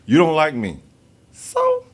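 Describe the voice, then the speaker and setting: A man's voice: a little high, huge pitch swings, slow pace. A man, hosting a podcast and telling stories in a blunt, profane way. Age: 50s. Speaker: podcast host. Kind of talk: casual podcast chat.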